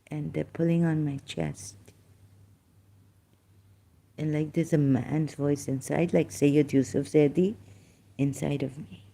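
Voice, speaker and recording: A man from Pakistan in a solo live-stream monologue, speaking slowly and haltingly with many hesitations, sometimes dropping to a soft whisper. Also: a little high, fairly even intonation, vocal fry. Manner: slow, halting, with many hesitations and trailing asides.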